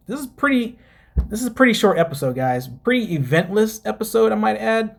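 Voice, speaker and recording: Chatty man recapping a show, slightly high voice. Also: animated, brisk, vocal fry. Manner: chatty, laughs at own jokes, addresses listeners as guys. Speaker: podcast host recapping a reality show. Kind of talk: casual recap talk.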